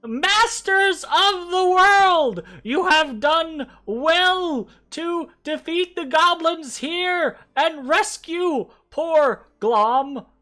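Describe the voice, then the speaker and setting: A game master voicing a hungry, dramatic female goblin prisoner who wails and pleads with grandiose flattery. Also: extremely high pitch, drawn-out words, hardly any pauses, voice pushed up, heavily acted. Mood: effusive gratitude.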